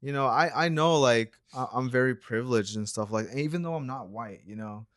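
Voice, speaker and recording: A man's voice: medium pitch, fairly quick, fairly bright tone, no echo, clean studio sound. A young man co-hosting a reaction channel, telling a story in a laid-back, rambling way full of slang and fillers. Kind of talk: casual storytelling chat.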